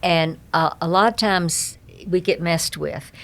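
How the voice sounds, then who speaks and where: A woman's voice: fairly low pitch, unhurried, creaky. Joking older Southern woman. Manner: animated, joking, folksy sayings. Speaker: guest, humorist and speaker. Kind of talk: casual storytelling interview.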